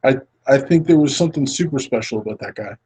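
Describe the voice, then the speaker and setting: A man's voice: mid-range voice, animated, quick pace, darkish tone, slightly rough, rough recording. A man hosting a casual film podcast, rambling and earnest, often restarting his sentences. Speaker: podcast host.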